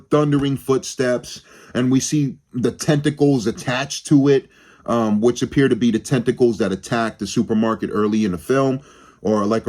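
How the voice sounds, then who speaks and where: A man's voice: mid-range voice, a little mellow. A young man giving a rambling, casual film review on his channel, swearing freely and often restarting his sentences. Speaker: movie review vlogger.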